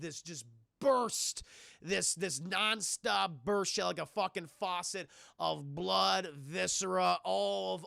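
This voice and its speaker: Young male streamer, high gravelly voice, bright and excitable, profane casual recap delivery. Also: dry recording, clean studio sound. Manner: excitable and profane, keeps addressing the chat. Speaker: film reviewer and streamer. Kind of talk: casual scene-by-scene film recap to a live chat.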